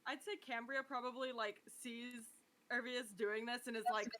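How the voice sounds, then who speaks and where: A woman playing a tabletop game, talking casually and slowly. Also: a little high, fairly even intonation, background noise. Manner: slow, laughing, casual. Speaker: player.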